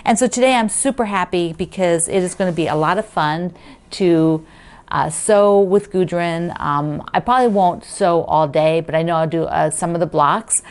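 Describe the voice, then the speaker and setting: Woman, quilting vlog host: chatty and rambling, gushing over fabric, somewhat low voice. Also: moderate pace, clean tone. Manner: chatty, enthusiastic, rambling with fillers. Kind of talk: casual chat.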